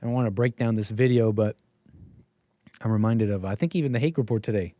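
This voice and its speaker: In a fairly low, dark voice at a fairly quick pace, a man from the United States hosts a casual call-in livestream. His monologue rambles through stories, with frequent restarts and asides, and there is no room sound.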